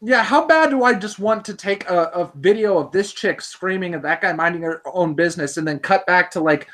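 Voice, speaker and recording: A woman's voice: on the low side, brisk, a bit bright. A woman co-hosting a podcast, ranting angrily and profanely in casual commentary. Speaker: podcast co-host.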